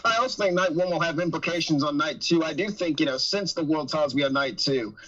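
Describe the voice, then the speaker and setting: A man hosting a casual podcast chat, talking in an animated, quick way. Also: fairly high pitch, lo-fi sound. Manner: animated, fast, talks over others. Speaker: podcast host.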